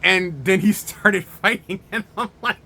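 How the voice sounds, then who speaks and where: A man hosting a casual movie review, talking in excited slang and often breaking into laughter. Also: sits high, a little slow, creaky, a little hiss or hum.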